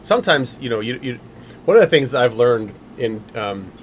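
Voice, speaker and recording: A man's voice: medium pitch, big pitch swings, moderate pace. Male livestream host, loose rambling delivery, faint background noise. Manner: rambling, many fillers and restarts. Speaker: livestream host, game company owner. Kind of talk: casual livestream chat.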